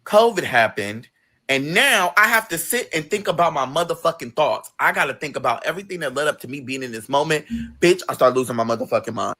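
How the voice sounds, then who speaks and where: A man's voice: fairly high pitch, lively intonation, a little fast, sharp tone. A man telling his personal story in an emphatic, profane way, with sudden outbursts. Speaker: guest telling his life story on a livestream.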